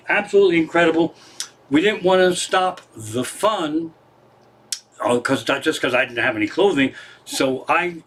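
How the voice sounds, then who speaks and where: A man's voice: a little high, a bit bright. A middle-aged man, a comedian, telling a rambling, profane story in a casual live stream from his living room.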